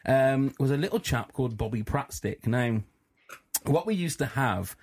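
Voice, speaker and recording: A man's voice: mid-range voice, animated, moderate pace, a little mellow, slight background noise. A man co-hosting a comedy radio show, talking with many hesitations. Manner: hesitant, lots of ums. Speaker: radio co-host.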